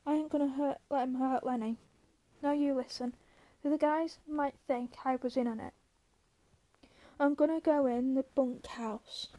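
A woman's voice: high-pitched, steady tone, moderate pace, mellow, lightly acted. A woman reading aloud voices a hardened male ranch hand who speaks bluntly and grimly. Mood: urgent.

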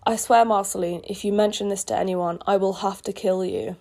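Prim, caring young princess, calm and reassuring; woman reads fan fiction aloud. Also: mid-range voice, brisk, gravelly. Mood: exasperated. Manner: soothing, reassuring. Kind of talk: reading her own fan fiction aloud.

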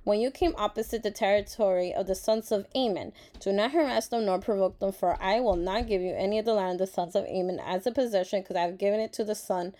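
Woman, casual devotional vlog, warm mellow tone, earnest and reflective, chatty with fillers. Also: medium pitch, fast talker, hardly any pauses. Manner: openly emotional and grateful. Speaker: Bible study vlogger. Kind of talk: casual Bible devotional reading.

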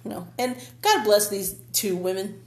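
A woman's voice: medium pitch, measured pace. Woman, podcast co-host, casual rant, swears a lot, laughs often, echoey room. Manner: animated ranting, curses freely, laughs often. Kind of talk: casual chat.

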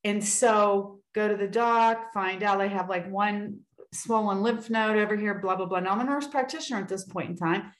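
A woman's voice: medium pitch, moderate pace, reverberant, poor audio. A woman sharing a personal faith story in casual talk on a video call, earnest and acting out what people said. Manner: earnest storytelling with acted-out quotes.

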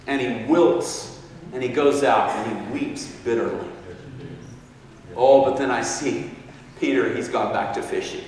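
A man's voice: medium pitch, a little slow, pauses often, a little mellow. A man preaching a sermon in a church with a fervent, exclaiming delivery, heard from far off in an echoey hall.

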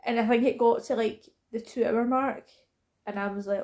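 A woman's voice: fairly high pitch, fairly even intonation, darkish tone. A woman with a Scottish accent co-hosting a film podcast, chatting casually, blunt and teasing. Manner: blunt, teasing, quick to banter. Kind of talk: casual chat.

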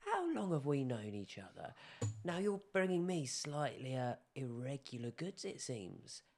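A man's voice: medium pitch, very animated, unhurried, darkish tone, a little hiss or hum, pitched above the performer's own voice. A man voicing a sly male dwarf trader who bargains and wheedles, in a tabletop game. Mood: wheedling.

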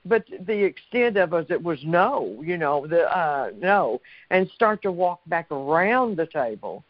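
A woman giving personal testimony in an interview, halting and hesitant, repeating her words. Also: lowish voice, very animated, dry recording. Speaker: interview guest. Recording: dry, dull lo-fi sound.

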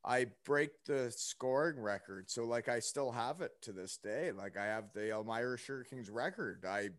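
A man's voice: mid-range voice, lively intonation, normal speed, dry recording. A young man telling a story in casual chat, rambling with lots of fillers and asides. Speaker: podcast guest.

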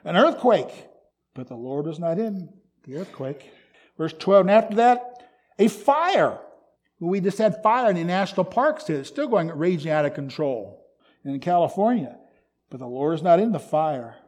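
A man preaching a sermon, reading scripture aloud and commenting on it, swinging from loud emphatic stresses to soft whispers. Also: fairly high pitch, lively intonation, moderate pace, husky. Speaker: pastor.

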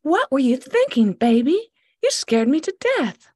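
A woman's voice: fairly high pitch, very animated, moderate pace, darkish tone, husky, no echo, pitched above the performer's own voice. A woman voicing a flustered young woman chasing and scolding her runaway dog. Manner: breathless, pleading, flustered.

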